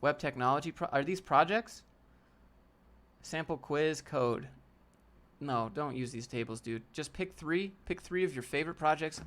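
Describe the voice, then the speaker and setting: A man's voice: fairly high pitch, moderate pace, fairly bright tone. A man hosting a casual live Q&A stream, bluntly answering chat and critiquing a viewer's portfolio with slang like "fam" and "dude.". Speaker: livestream host. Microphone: desk setup with a DSLR camera.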